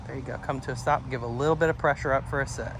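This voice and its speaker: Calm man coaching a dog owner. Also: mid-range voice, rapid-fire, noisy background. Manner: calm instructive, frequent praise. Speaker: dog trainer. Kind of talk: hands-on coaching. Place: outdoors at a house doorway and yard.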